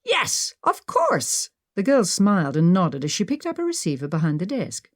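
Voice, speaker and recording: A woman narrating a mystery audiobook with expressive storytelling. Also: on the low side, a little fast, no room sound, clean studio sound. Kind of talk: scripted narration.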